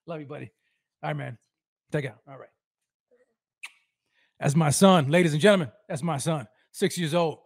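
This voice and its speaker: A man's voice: fairly high pitch, normal speed, gravelly, pauses often, dry recording, clean studio sound. A man hosting a live sports fan show, hyped and rambling, with slangy street talk and lots of repeats.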